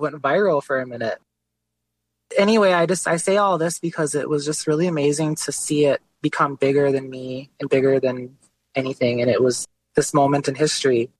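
A man's voice: mid-range voice, a little hiss or hum. A young man, an artist, telling his story casually in an interview, with lots of "like" and "you know". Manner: relaxed, conversational, many fillers like "like" and "you know". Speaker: guest artist.

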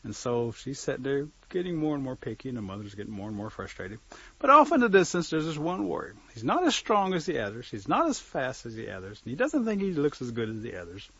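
A man telling a folk tale to listeners, lively, acting out the scenes and joking aside. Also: medium pitch, quick pace, breathy edge. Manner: lively, acts out voices, aside jokes. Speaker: storyteller. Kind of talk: oral folk storytelling. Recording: dull lo-fi recording.

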